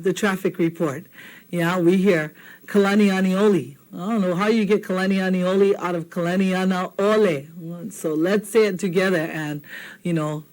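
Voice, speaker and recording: A woman from Hawaii with a Hawaiian accent leads a televised language lesson. She is patient and playful, repeating each word slowly and asking "okay?" often. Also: mid-range voice, darkish tone, low-quality recording. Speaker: language teacher.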